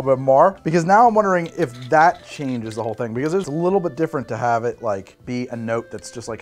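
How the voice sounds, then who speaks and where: A man hosting a casual spirits tasting vlog, joking and breaking into laughs as he talks. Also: medium pitch. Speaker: host.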